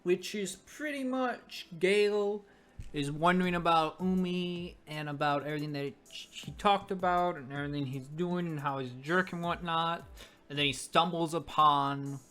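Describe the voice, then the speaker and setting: A man's voice: a little high, measured pace, a bit bright, clean tone, faint music behind. A young man giving casual, rambling commentary while reviewing a webcomic, full of joking asides.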